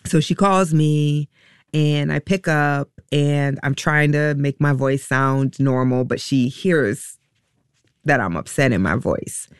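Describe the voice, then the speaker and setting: A woman being interviewed about her life. She speaks haltingly and reflectively, with many pauses and restarts, and sounds emotional and close to tears. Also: deep voice, smooth, dry recording. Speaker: interview guest, a mother. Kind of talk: personal storytelling in an interview.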